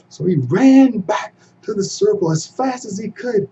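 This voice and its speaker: A man telling a folktale as a storyteller, dramatic and expressive, moving between hushed and loud passages. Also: high-pitched, normal speed. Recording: dull, slightly distant recording with faint hum.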